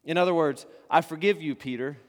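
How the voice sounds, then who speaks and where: Preacher, male, fairly high voice, fervent builds with hushed drops; church hall reverb. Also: fairly quick. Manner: rising to fervent emphasis, then dropping to soft hushed endings. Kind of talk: sermon.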